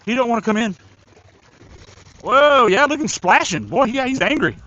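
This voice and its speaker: A man streaming a fishing tournament live from a riverbank, chatting excitedly and talking to the fish he reels in. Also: very high voice, fast, lo-fi sound. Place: outdoors by a river.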